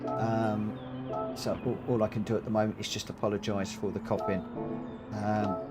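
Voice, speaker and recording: A man's voice: fairly low pitch, little pitch movement, moderate pace, music in the background. A man chatting casually as he live-streams a racing game, greeting viewers and poking fun at himself, his voice worn from coughing and short of breath. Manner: chatty, self-deprecating, greets chat viewers.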